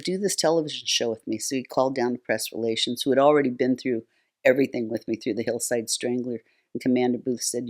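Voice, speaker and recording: The voice here is extremely low and a little mellow, belonging to an older woman guesting on a talk show. A nonprofit founder, she tells long stories in a chatty, conversational way with many fillers and restarts.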